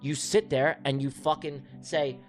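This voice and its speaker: Faint music plays behind this trading livestream host, whose voice is on the high side, steady and unhurried. He's exasperated, venting and cursing as he explains to his chat how a trade went bad.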